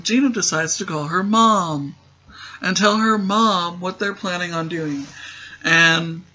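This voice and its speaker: A man's voice: a little high, bright, forceful tone. Sarcastic man recapping a TV show. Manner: sarcastic, rambling asides. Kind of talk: casual comedic TV recap. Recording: dull lo-fi recording.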